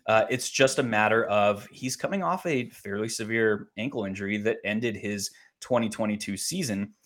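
A man co-hosting a fantasy football podcast, talking in a measured, analytical way with many pauses and ums. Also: on the low side, a bit bright. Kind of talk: casual sports analysis chat.

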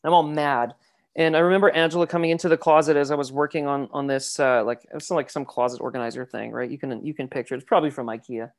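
A man's voice: mid-range voice, steady tone, fast. A man, a guest in a casual interview, talking in a reflective, rambling way with many fillers and restarts. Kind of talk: casual interview about faith.

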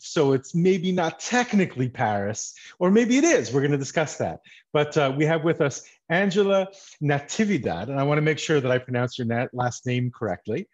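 A man's voice: a little high, breathy edge, muffled recording. A man from Montreal hosting a podcast, chatting casually and telling joking stories. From Montreal, Quebec. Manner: chatty, joking, animated storytelling. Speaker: podcast host. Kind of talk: casual interview chat.

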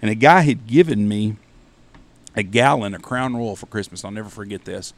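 A man hosting a podcast, telling a long hunting anecdote in a profane, animated, casual way. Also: fairly low pitch, moderate pace. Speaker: podcast host. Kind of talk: casual storytelling.

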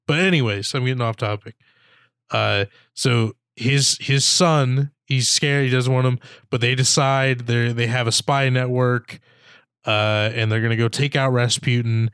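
A man chatting casually about a film, rambling and mock-quoting the characters. His voice is smooth and clear, recorded dry and close. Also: mid-range voice, steady tone, a little slow, fairly bright tone, dry recording. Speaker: podcast co-host. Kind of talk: casual chat reviewing a movie.

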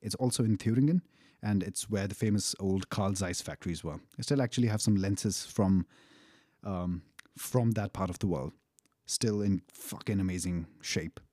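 Dark-voiced man swearing through a story. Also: sits low, normal speed, no room sound, studio quality. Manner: profane, rambling, with frequent fillers and chuckles. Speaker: storyteller recounting a personal experience. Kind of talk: casual spoken storytelling.

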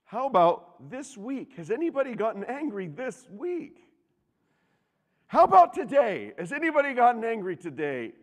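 A man preaching a sermon, animated and jokey, asking the congregation questions. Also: extremely high pitch, moderate pace, few pauses. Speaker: pastor. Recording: reverberant hall.

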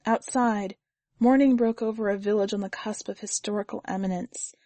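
A woman reading a short story aloud as the podcast's editor, in a measured storytelling manner. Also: medium pitch, fairly even intonation, warm tone, no room sound. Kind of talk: scripted fiction narration.

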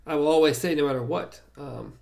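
A man's voice: fairly high pitch, fairly quick, vocal fry, darkish tone. A man in casual conversation, hesitant and wry in delivery. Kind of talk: casual chat.

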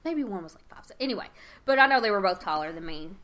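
A woman's voice: mid-range voice, animated, fast talker, a bit bright. A young woman co-hosting a podcast, chatting casually and rambling through a retelling of a TV episode. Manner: rambling, retells scenes with quoted voices. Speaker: podcast co-host. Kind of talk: casual chat recapping a TV episode.

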